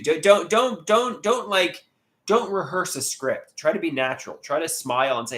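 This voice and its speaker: Lively man chatting on a livestream. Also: on the high side, normal speed. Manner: animated, repeats words and restarts often. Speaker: livestream host. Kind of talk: casual livestream chat, reading viewer comments aloud.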